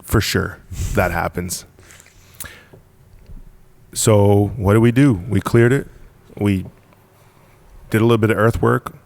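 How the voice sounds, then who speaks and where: A man with a deep voice recounts his story to a podcast host. His delivery is emphatic and punchy, and he hammers points home by repeating them. The sound is dry and close, with a gravelly edge. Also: slow, long pauses, darkish tone, dry recording. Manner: emphatic, repetitive, punchy storytelling with frequent laughs. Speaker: podcast guest, business founder. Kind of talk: casual storytelling in conversation.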